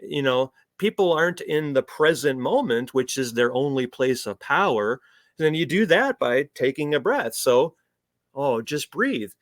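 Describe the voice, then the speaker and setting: A man's voice: mid-range voice, expressive, moderate pace, dry recording, studio quality. A man talking as a spiritual coach in an interview, earnest and reflective, often restarting his sentences. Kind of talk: conversational podcast interview.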